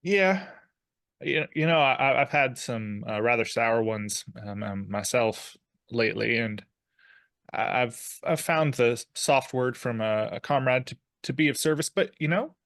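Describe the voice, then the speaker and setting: A man's voice: medium pitch, a little slow, fairly bright tone, no room sound. Figure: played by a man nervous, kind-hearted comrade. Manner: stammering, fumbling, chirpy rising lilt. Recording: dry, close. Style: tabletop role-play. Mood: consoling.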